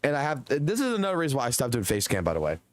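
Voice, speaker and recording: A man's voice: medium pitch, huge pitch swings, very fast, dry recording. A young adult man streaming live, telling a long, rambling story in casual chat and swearing heavily. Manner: profane, rambling, heated storytelling.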